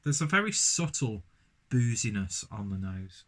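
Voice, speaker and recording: Male beer vlogger, slightly low voice, loose rambling delivery. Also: sing-song, unhurried. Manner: rambling, lots of fillers and restarts. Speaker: beer reviewer. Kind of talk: casual beer review vlog.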